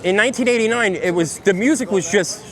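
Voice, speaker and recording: Brooklyn-accented man, rambling and animated. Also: sits high, fast. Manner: rambling, animated storytelling with many fillers. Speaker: DJ guest. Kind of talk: casual interview on a walk. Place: outdoors on a city street.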